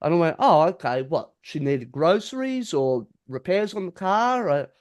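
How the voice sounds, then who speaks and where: A man's voice: fairly high pitch, very animated, moderate pace. A man, a podcast co-host telling a story in casual chat, acting out the quotes and swearing freely.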